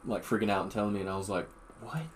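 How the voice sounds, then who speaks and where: A man's voice: lowish voice, fairly even intonation, rapid-fire. A young man co-hosting a podcast, talking in a laid-back, thoughtful way in casual chat. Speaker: podcast co-host.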